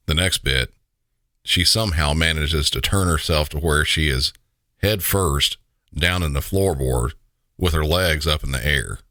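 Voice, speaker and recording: A man's voice: rumbling low, bright, forceful tone, no room sound, clean studio sound. A man with a Southern US accent, hosting a podcast and telling the story in a wry, conversational way. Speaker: podcast host. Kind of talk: scripted narration.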